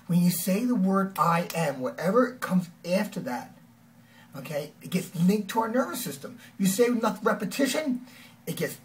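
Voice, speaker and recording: A man giving an energetic, conversational motivational talk as a life coach, often acting out quoted lines. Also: high-pitched, recorded from a distance.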